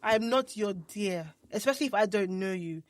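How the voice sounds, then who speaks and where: A woman's voice: mid-range voice, lively intonation, a little fast, dry recording, studio quality. A woman with a Nigerian accent co-hosting a casual podcast chat, blunt and often repeating words as she starts a thought. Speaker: podcast co-host.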